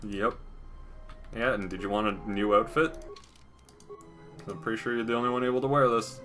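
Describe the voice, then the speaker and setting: A man's voice: fairly low pitch, fairly even intonation, fairly quick, fairly bright tone, faint music behind. A young man giving casual, joking game commentary as a streamer, laughing often. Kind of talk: casual let's-play commentary.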